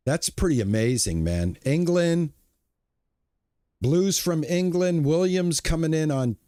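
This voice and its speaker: A man's voice: fairly high pitch, darkish tone, dry recording, studio quality. A middle-aged man streaming a game, chatting casually and greeting viewers by name, often restarting his words. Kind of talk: casual live-stream chat.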